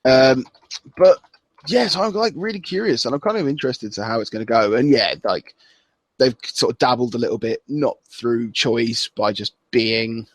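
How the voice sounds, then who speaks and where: A man's voice: medium pitch, lively intonation, normal speed, no echo. A man co-hosting a podcast, chatting loosely and acting out wrestlers' lines as he recaps. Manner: loose and rambling, acts out wrestlers' lines with laughs. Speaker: podcast co-host. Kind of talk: casual chat.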